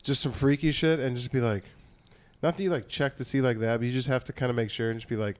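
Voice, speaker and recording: A young man in casual podcast banter, telling rambling jokey stories at an average pitch. He often drops into quick mock voices for the people in his stories. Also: fairly even intonation, darkish tone, clear, resonant tone. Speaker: podcast co-host. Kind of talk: casual chat.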